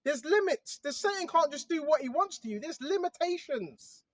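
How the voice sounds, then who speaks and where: An online preacher, a man with a very high-pitched voice and lively intonation, delivers a casual religious monologue to his viewers at normal speed. He chats conversationally, frequently dropping "bro" and "right?", and there is no room sound.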